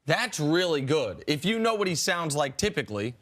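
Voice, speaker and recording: A man co-hosting a sports talk show, arguing his points in a quick, emphatic way. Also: fairly high pitch, big pitch swings, music in the background. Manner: emphatic, argumentative. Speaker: co-host.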